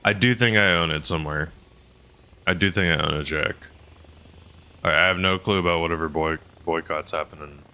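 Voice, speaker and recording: A man's voice: sits low, brisk, long pauses, pushed and bright, clear, resonant tone. A man streaming a game, chatting casually with viewers and laughing often. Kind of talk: casual gameplay commentary to chat.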